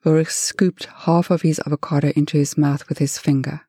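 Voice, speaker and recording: A woman narrates a story with a low, dark and husky voice. Her telling is lively and dramatic, recorded close and dry. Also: a little fast, hardly any pauses, no echo.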